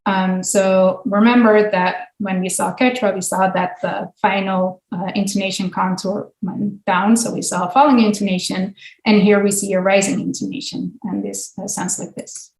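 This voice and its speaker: A woman's voice: medium pitch, fairly even intonation, moderate pace, a little mellow. A woman linguistics professor giving an academic lecture with slides, explaining patiently with frequent ums and uhs. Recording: echoey room.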